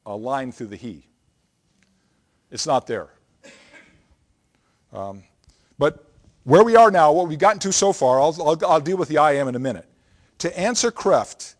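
Emphatic man teaching from the Bible. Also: on the high side. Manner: emphatic, explanatory, checks in with "okay?". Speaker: preacher.

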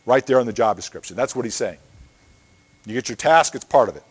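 A man's voice: mid-range voice, animated, fairly quick, slightly rough. A middle-aged man preaching a sermon in a conversational way, often checking in with "okay?". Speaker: pastor.

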